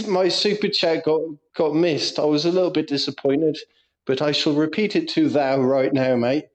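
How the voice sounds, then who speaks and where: A man's voice: fairly high pitch, unhurried. A man co-hosting a casual podcast, telling stories with lots of swearing and laughter. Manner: sweary, giggly storyteller. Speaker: podcast co-host. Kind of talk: casual chat.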